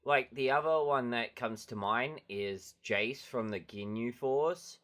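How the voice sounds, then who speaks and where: A man's voice: medium pitch, takes it slowly, fairly bright tone. A man co-hosting a podcast in casual chat, easygoing and a little hesitant, with lots of fillers. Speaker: podcast co-host.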